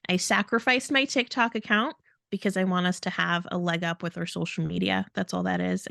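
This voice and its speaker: A woman's voice: fairly low pitch, vocal fry, a bit bright, dry recording, clean studio sound. A woman co-hosting a podcast in casual talk, speaking in an emphatic, indignant way. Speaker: podcast co-host.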